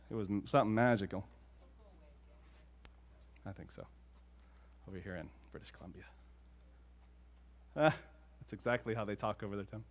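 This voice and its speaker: A man with a Southern US accent, a singer-songwriter telling stories between songs on stage, chatty and self-deprecating with quick asides. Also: fairly low pitch. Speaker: singer-songwriter performing live. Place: live music venue showroom. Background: faint guitar.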